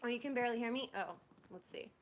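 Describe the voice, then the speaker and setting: A woman's voice: a little high, fast talker, background noise. A young woman venting bluntly to her viewers, rambling and swearing in frustration. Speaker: vlogger. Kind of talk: candid venting to a live audience.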